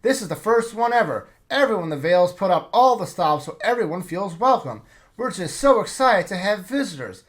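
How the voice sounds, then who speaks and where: A man's voice: a little high, normal speed. A man voicing an eager, cheerful young man from an island village while reading a game's story aloud. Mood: excited welcoming. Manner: excited, upbeat.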